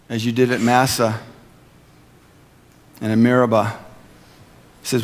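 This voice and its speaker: A male pastor giving a sermon, earnest and emphatic, slowing down on key phrases and slipping in playful asides. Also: mid-range voice, steady tone, in a large hall.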